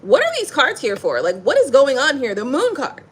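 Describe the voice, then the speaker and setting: A woman giving a casual, playful tarot reading, talking in an animated way full of slang and laughter. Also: sits high, brisk, slightly rough. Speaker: tarot reader.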